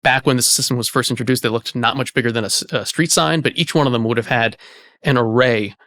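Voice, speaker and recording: A man, an archivist hosting the conversation, explaining in a relaxed way with lots of "you know" fillers. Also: medium pitch, fast talker, no echo, clean studio sound. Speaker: archivist and host. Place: indoor archive space.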